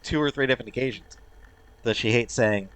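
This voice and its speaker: A young Canadian man playing a story game, reading the chat lines aloud and commenting on them, earnest, sometimes soft and subdued and sometimes loud and exclaiming. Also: mid-range voice, fairly quick, clear, resonant tone. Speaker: let's player.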